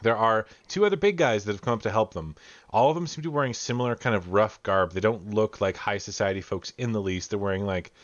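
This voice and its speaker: Low-voiced man running a tabletop game. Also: fast talker, no room sound, muffled recording. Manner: casual, with fillers and restarts. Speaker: game master. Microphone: video call.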